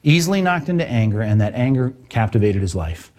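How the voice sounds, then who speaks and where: A man preaching a sermon on a Bible passage, lively and conversational, acting out quoted voices as he goes. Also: mid-range voice, fairly quick. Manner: animated, acts out quoted voices. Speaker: pastor.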